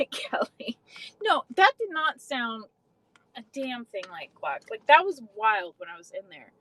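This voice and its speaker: A woman's voice: fairly high pitch, huge pitch swings, slow pace, fairly bright tone, no echo, poor audio. A young adult woman casually chatting on a livestream, swearing freely and answering viewers' comments. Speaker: livestream host.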